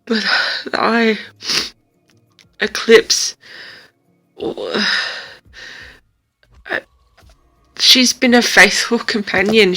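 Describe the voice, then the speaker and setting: A woman's voice: medium pitch, sharp tone, poor audio. A young woman chatting casually in a reading vlog, gushing and emotional as she rambles about a book. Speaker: book vlogger. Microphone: camera mic, wears glasses.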